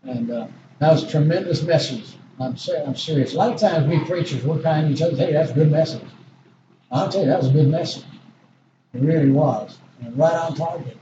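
A man's voice: a little high, brisk, dull audio. An older man preaching a sermon in a folksy, rambling storytelling way, often restarting his sentences. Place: church. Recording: distant echoey church recording with noise.

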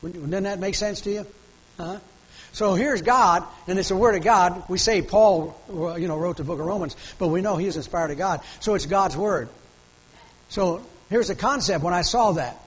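Husky high-voiced male preacher. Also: moderate pace, big-room sound, rough recording. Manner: fervent, pleading preaching. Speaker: pastor. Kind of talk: sermon.

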